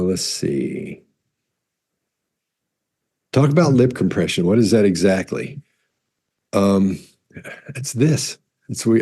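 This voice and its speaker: A man's voice: sits low, breathy edge. A man answering viewer questions in a casual, rambling way, often correcting himself mid-sentence, recorded on a compressed studio mic. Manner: rambling, self-correcting, demonstrates loud and soft speech. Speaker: body language expert answering viewer questions. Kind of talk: casual explanatory talk.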